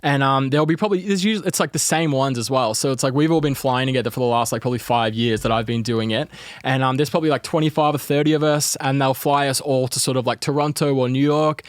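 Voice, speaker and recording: An Australian man talks through a casual podcast story in a mid-pitched voice. He rambles, with plenty of fillers along the way. He is recorded close and dry, with no room sound. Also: fast talker, no echo. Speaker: entertainment reporter guest.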